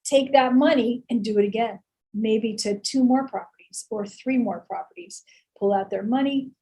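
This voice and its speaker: A woman's voice: a little high, moderate pace, dark tone, poor audio. A woman giving a casual lecture as a real estate instructor, chatty, with rhetorical questions. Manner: chatty, many fillers and restarts, rhetorical questions.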